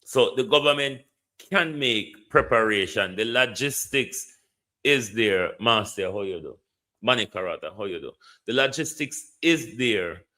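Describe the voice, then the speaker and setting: A man's voice: on the low side, pushed and bright. A Jamaican man hosting a commentary show, making impassioned appeals to the government and answering listeners. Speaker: host.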